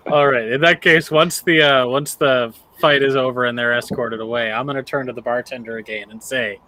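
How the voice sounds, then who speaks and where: Bright-voiced male player. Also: mid-range voice, steady tone, brisk, hardly any pauses, low-quality recording.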